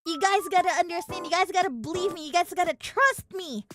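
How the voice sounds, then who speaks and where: A woman from Indonesia with an Indonesian accent, chatting casually with viewers as a streamer and breaking into playful, excited shouting. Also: extremely high pitch, brisk. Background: background music.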